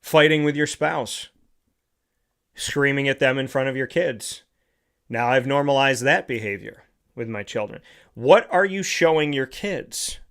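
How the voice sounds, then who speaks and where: A man's voice: medium pitch, a little slow, fairly bright tone. A male host giving a motivational monologue, lecturing and often tossing in rhetorical questions like "right?".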